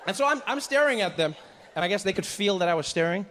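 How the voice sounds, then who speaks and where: A male stand-up comedian performs on a comedy stage with a fairly high, very animated voice that swings up and down as he acts out his story. He speaks into a handheld mic, and a faint hum sits in the background. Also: fast. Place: comedy stage before a live audience.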